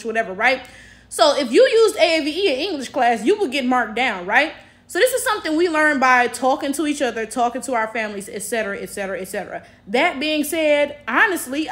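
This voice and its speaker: An American woman giving casual commentary to camera, animated and candid, often checking in with her listeners. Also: sits high. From United States. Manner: animated and candid, often tags lines with "right?". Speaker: vlogger.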